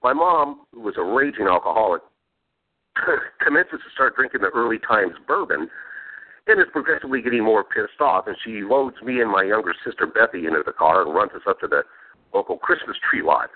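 A man's voice: lowish voice, lively intonation, a little fast. A male podcast host telling profane family stories in casual chat and laughing between lines. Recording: phone-like narrow sound.

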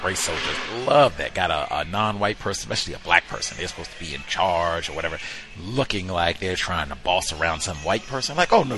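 A male talk show host telling a story in an emphatic, conversational way with drawn-out pauses. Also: sits low, pushed and bright. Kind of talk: storytelling commentary.

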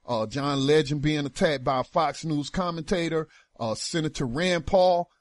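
A man's voice: on the high side, moderate pace, no room sound, clean studio sound. A man hosting a talk radio show, giving emphatic political commentary in casual with slang.

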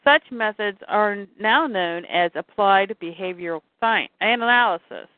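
A woman in casual chat, reading reference notes aloud in an even, explaining tone. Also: mid-range voice, a little slow, no echo. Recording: dry tinny phone-like sound.

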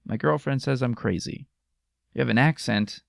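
Young American man, podcast host, wry self-deprecating humor, gravelly voice, dry close mic. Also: medium pitch, moderate pace, no room sound. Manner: self-mocking, joking, laughs often. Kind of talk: casual solo podcast chat. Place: home room with microphones. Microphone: studio microphone.

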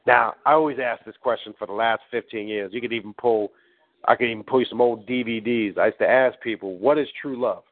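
A man's voice: fairly low pitch, steady tone, fairly quick. A man hosting a talk and teaching in a blunt, preachy way, swearing as he goes. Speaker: host. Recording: tinny phone-like line.

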